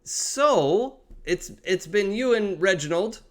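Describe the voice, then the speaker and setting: A man's voice: sits high, lively intonation, slow pace. A man narrating a tabletop game as game master, talking casually with many fillers and restarts.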